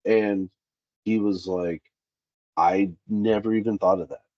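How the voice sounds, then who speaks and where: A man's voice: fairly low pitch, measured pace, dry recording, dull audio. A man in a candid interview, a safety specialist who tells workplace stories and acts out the dialogue. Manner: animated, acts out quoted dialogue.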